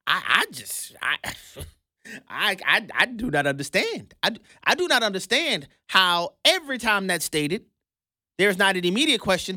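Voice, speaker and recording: A man's voice: sits high, big pitch swings, normal speed, pushed and bright, no echo, studio quality. A man hosting a sarcastic political commentary monologue, mocking, laughing often and repeating words for emphasis.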